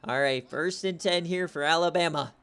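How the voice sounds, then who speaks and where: A young man giving play-by-play commentary on a video game football stream, excitable and shouting on big plays. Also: fairly high pitch, normal speed, smooth. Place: home setup, streaming.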